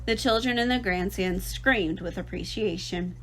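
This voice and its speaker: A woman teacher reads a children's novel aloud to her class. Her voice sits at an ordinary middle pitch. She gives the story an expressive, lively read-aloud delivery. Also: normal speed, rough recording. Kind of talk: reading a children's book aloud.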